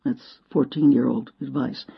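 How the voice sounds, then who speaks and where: Woman speaker, inspirational storyteller, husky and expressive, dull lo-fi recording. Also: rumbling low, a little slow. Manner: expressive, dramatic, acts out quotes. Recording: dull lo-fi sound.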